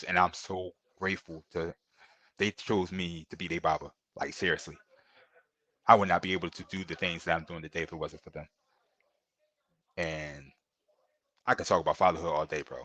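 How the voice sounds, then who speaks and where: A man's voice: low-pitched, fairly even intonation, moderate pace, pauses often, fairly bright tone. A middle-aged man, a podcast guest, telling earnest and emotional stories in a casual interview, often repeating himself and calling the host bro.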